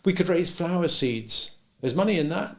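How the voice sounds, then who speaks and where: A man's voice: on the high side, lively intonation, moderate pace, gravelly, a bit bright, pitched above the performer's own voice. A man voicing an eager, earnest grown male landowner who pleads with a raised, hopeful voice. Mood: pleading.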